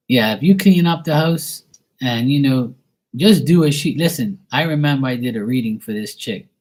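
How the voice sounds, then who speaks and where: A man's voice: mid-range voice, animated, measured pace, long pauses, a little mellow, rough recording. A man giving a casual live-stream psychic reading, talking bluntly and emphatically with plenty of swearing. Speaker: psychic tarot reader.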